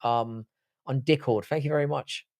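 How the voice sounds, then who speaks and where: A man's voice: medium pitch, fairly even intonation, normal speed, a little mellow. London guy hosting a live stream, crude jokey banter, reading out the chat. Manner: banter-heavy, crude, reads chat aloud. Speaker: livestream host.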